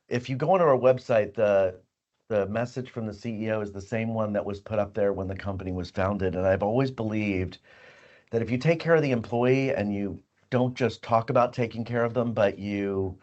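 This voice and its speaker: A man's voice: fairly low pitch, normal speed, a little mellow, lo-fi sound. A middle-aged man, a company head, hosting a casual hot sauce chat and rambling a little as he talks. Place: company office.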